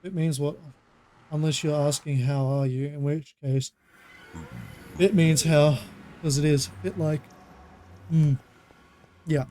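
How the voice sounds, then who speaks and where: Man from Australia, gaming streamer, slightly higher voice, chatty, laughs between in-game remarks. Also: fairly even intonation, slow pace, pauses often, dark tone, a little hiss or hum. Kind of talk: casual live gameplay chat.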